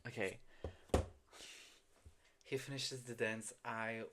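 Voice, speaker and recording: A man of middle pitch tells a story in a loose, profane way. He often laughs at himself, and he talks into a phone. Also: level tone, slow, pushed and bright. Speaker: podcast host. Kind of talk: casual storytelling.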